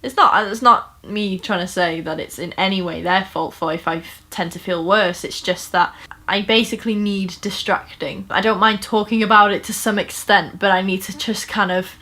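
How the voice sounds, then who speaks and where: A woman's voice: medium pitch, fairly even intonation, moderate pace, bright, forceful tone. A woman talking earnestly and casually to camera at home, with frequent fillers and restarts. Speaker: vlogger. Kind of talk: casual personal storytime talk.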